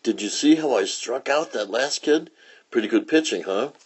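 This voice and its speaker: A man's voice: mid-range voice, expressive, normal speed, husky, voice pushed up. A man voicing an anxious, earnest young boy from a comic strip.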